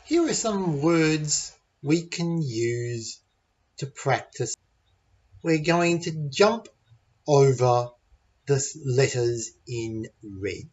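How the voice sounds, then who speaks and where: An Australian man teaches English pronunciation in a slow, deliberate, patient lesson, demonstrating sounds aloud with clarity. His mid-range voice is animated yet darkish in tone, and the recording's highs are cut off.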